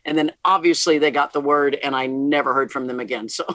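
A woman's voice: very deep voice, steady tone, fairly quick, a bit bright, no room sound. A middle-aged woman, a rock musician, talking candidly as an interview guest, laughing often and restarting her sentences. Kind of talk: casual interview conversation.

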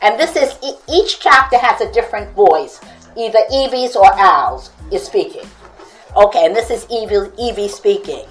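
A woman's voice: mid-range voice, animated, moderate pace, faint music behind, poor audio. A woman reading her own book aloud with commentary, chuckling often between lines.

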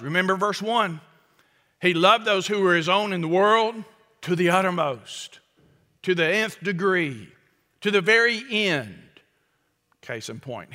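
A man delivering a sermon with a bright, forceful edge and a slightly raised pitch. He preaches emphatically, slowing to stress key words. His voice rings through the long reverb of a large hall. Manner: emphatic, acts out quoted speech, chuckles at own jokes. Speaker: pastor.

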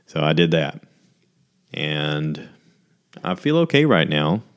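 Very deep and sing-song, this man's voice moves slowly as he hosts his own podcast. It's a casual solo monologue, candid and somewhat rambling, with a self-deprecating streak.

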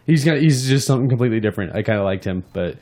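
Give me a man of medium pitch ranting profanely in a casual podcast chat. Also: very fast. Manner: animated and profane, ranting about games. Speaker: podcast co-host.

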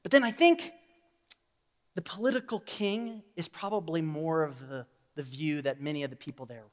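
A male pastor preaching a sermon, swinging from quiet asides to loud, emphatic declarations. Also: fairly high pitch, normal speed, in a large hall.

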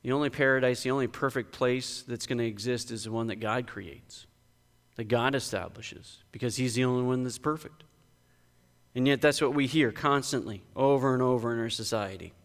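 Male pastor, smooth resonant voice, emphatic sermon delivery, long church reverb. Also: moderate pace. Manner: emphatic, conversational preaching with sudden lifts in pitch. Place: church sanctuary.

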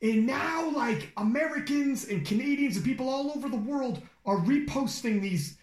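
Excitable, animated podcast host, a man. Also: extremely high pitch. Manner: excitable, fast, profane, animated storytelling. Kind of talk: casual podcast interview. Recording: echoey room.

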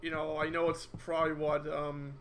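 A man co-hosting a casual sports podcast, chatty, with quick asides, often quoting himself. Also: fairly high pitch, completely flat delivery, a bit bright, slight background noise. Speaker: podcast co-host.

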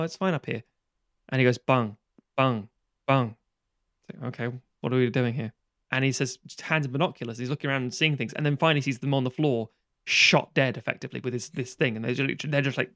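A man chatting casually on a podcast, retelling a film plot in a lively, sweary way and acting out the characters' lines. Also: mid-range voice, dry recording, clean studio sound.

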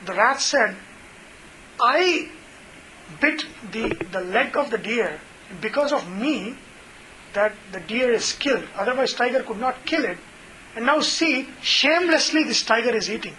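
A sly, plotting fox, as a man tells it, in a fable told aloud. The voice sits high and bright, and the talk stays light and conversational. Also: expressive, measured pace, slight background noise, full character voice, low-quality recording. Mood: scheming. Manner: storytelling tone, conversational. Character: cunning scheming fox, male, sly.

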